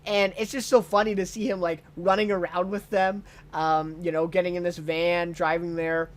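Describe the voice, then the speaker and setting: High-voiced man, enthusiastic unscripted reviewer. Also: level tone, moderate pace. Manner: enthusiastic, many ums and uhs. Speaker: TV show reviewer.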